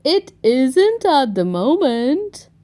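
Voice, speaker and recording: A woman's voice: sits high, very animated, drawn-out words, warm tone, heavily acted. A woman reading aloud and voicing a jolly old grandfather pig in a hearty, playful way.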